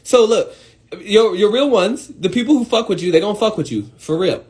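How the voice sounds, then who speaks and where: A young man with a lively, swinging voice giving a casual motivational monologue on a live stream, cursing freely and jumping from loud outbursts to low muttering. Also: a little fast. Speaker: host of an Instagram live stream.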